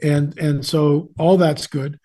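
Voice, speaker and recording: Older male guest, husky, higher-pitched, chatty storyteller with asides. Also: flat delivery, takes it slowly, warm tone. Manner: conversational, with rambling asides and restarts. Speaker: guest, author on the supernatural. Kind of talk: casual storytelling interview.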